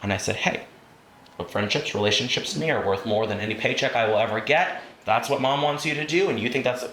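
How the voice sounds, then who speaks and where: A man's voice: medium pitch, quick pace, a bit bright. A man leading a training class for realtors, telling stories and acting out the voices of the people in them. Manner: storytelling, acts out quoted voices. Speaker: real estate trainer. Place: training room. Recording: roomy room with faint noise.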